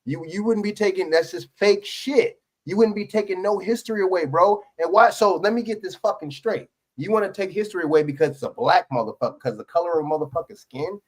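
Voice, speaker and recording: A man's voice: high voice, brisk, few pauses. Fired-up New man ranting. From New York. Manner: profane, heated ranting with many restarts. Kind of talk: heated political podcast chat.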